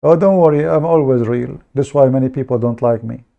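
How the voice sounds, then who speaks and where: A man's voice: mid-range voice, fairly quick, vocal fry, highs cut off. A man from the Middle East with an Arabic accent, hosting a casual livestream monologue in a blunt, joking, self-mocking way and often repeating words. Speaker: online debate show host.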